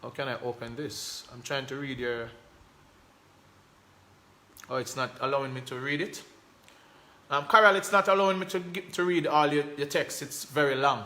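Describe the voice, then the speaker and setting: Lively Jamaican man with bright voice. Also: mid-range voice, normal speed, pauses often. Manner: animated, repetitive, emphatic, Jamaican patois phrasing. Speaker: host. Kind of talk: casual live-stream talk reading comments.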